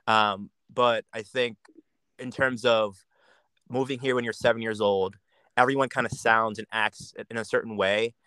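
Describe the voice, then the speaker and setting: A man's voice: on the low side, steady tone, normal speed, sharp tone, clean tone, dry recording. A young man from Jamaica with an American accent, a podcast guest talking casually and reflectively, often restarting and repeating words. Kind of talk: casual chat.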